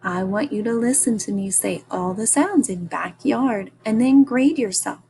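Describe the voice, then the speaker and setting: A woman teacher giving a recorded phonics lesson to young children, slow and encouraging as she sounds out each part of a word. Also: medium pitch, expressive, gravelly, warm tone, a little hiss or hum.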